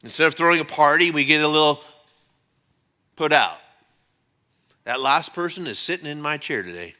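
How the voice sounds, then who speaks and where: A male pastor preaching a church sermon in a conversational, animated storytelling manner. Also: fairly high pitch, normal speed. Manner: animated storyteller, acts out quotes in changing voices; conversational, with fillers and restarts.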